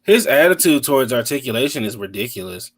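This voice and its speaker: A man's voice: medium pitch, big pitch swings, fast, over a noisy crowd. Blunt, profane man. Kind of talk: casual chat.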